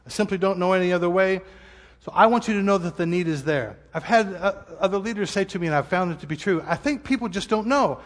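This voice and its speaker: A man's voice: high-pitched, quick pace, few pauses, big-room sound. A male pastor giving an earnest, vulnerable sermon appeal, at times near tears. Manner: earnest, vulnerable, self-deprecating. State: tearful at times. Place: church auditorium.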